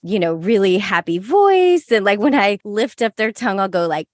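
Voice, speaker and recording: A woman hosting a podcast as a lactation consultant, chatting in an animated, giggly way that jumps to high playful tones. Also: normal speed, hardly any pauses, no echo. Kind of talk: casual podcast chat.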